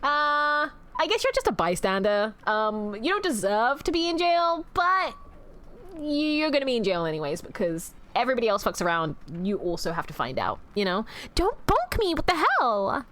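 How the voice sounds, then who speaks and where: Woman streamer, bouncy and very animated, playful mock-villain banter, swears often. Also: a little high, normal speed, a little hiss or hum. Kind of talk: casual livestream chat with viewers.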